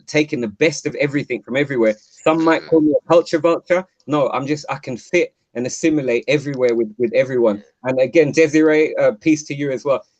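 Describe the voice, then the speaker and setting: A man's voice: mid-range voice, a little fast, few pauses, a little mellow, dull audio. A man, calling in to a live show, telling rambling stories with lots of fillers and restarts. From London. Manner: chatty, rambling storyteller with many fillers and restarts. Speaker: caller. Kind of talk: casual chat. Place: home, call-in to live show. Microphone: video call.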